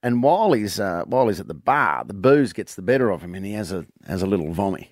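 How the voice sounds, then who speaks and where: Animated Australian man telling a joke. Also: deep voice, fast talker, no room sound, clean studio sound. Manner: animated storyteller, acts out voices. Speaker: comedian guest. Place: radio studio. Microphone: studio mic.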